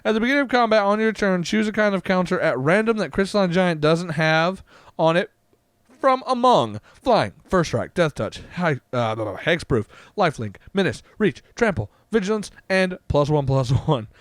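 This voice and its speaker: A man hosting a casual card-opening vlog, reading card text aloud in an excitable way, with frequent "uh"s and laughs. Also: high-pitched, normal speed, dry recording, studio quality. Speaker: card-opening channel host.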